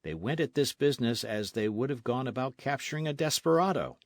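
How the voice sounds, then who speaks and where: A man's voice: mid-range voice, animated, a little fast, dry recording, clean studio sound. A man reading a classic adventure novel aloud as an audiobook narrator, telling the story expressively. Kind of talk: scripted narration.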